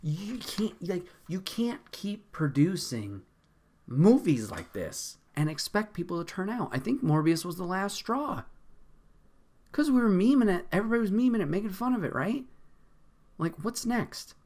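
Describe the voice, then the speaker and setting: A man's voice: high voice, sing-song, moderate pace, darkish tone. A man hosting a podcast in a casual, profane, exasperated rant, laughing often. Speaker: podcast host.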